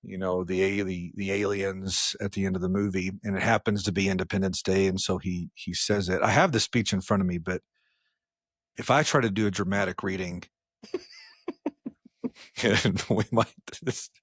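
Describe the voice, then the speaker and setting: Man, podcast co-host, casual chat, low voice, dry close sound, self-deprecating. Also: fairly even intonation, moderate pace, no room sound. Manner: chatty, laughs at himself, trailing restarts. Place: podcast studio filmed on camera.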